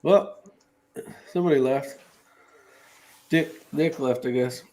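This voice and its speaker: A man's voice: mid-range voice, slow, dark tone, poor audio. A man hosting a casual live stream, welcoming guests and reading chat comments aloud.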